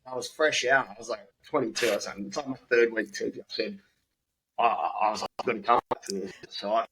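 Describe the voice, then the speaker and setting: A man's voice: lowish voice, quick pace, slight background noise, low-quality recording. A young Australian man, a comedian and former teacher, telling anecdotes in a casual chat and acting out the voices. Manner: animated, acts out voices in anecdotes.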